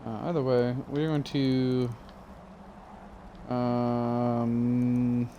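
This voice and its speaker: A man's voice: mid-range voice, level tone, drawn-out words, mellow, slight background noise. A tired young man streaming a game, rambling with lots of fillers and casual swearing. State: yawning, tired. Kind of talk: casual gameplay commentary.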